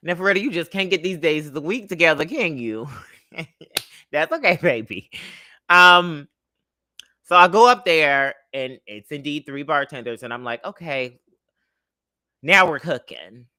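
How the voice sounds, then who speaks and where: Sassy, animated young man livestreaming. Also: a little high, moderate pace, no echo, studio quality. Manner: animated, sassy, chatty, greets viewers. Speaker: livestream host. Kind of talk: casual livestream storytelling.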